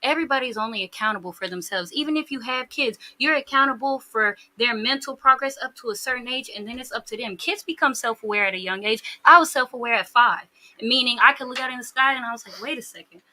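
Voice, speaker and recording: A woman's voice: a little high, quick pace, few pauses, sharp tone. A woman speaking as a guest in a casual podcast chat, blunt and opinionated.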